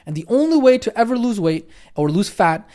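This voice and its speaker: A man teaching a recorded online nutrition course as coach, energetic and chatty, often checking in with "okay?" and "right?". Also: sits high, fairly quick. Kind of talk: recorded online training lesson.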